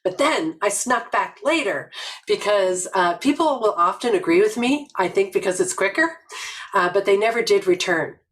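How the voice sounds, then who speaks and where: An older woman from Nova Scotia giving a reflective webinar talk, telling stories slowly and earnestly with many pauses. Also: mid-range voice, animated, a bit bright, low-quality recording. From Nova Scotia, Canada. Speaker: webinar presenter.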